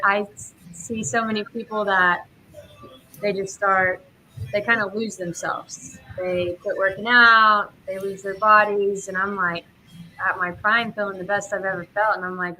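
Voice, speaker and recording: A young woman who owns a gym, chatting casually and telling stories with lively acted-out quotes. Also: mid-range voice, a little slow, soft background music. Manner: animated storyteller, acts out quotes. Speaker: gym owner and coach. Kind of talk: casual podcast chat.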